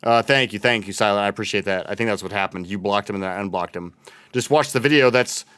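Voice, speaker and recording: Young guy streaming, reads chat and thanks followers, smooth clean voice, dry room. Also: lowish voice, fast talker, fairly bright tone, no room sound. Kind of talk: casual livestream chat while gaming.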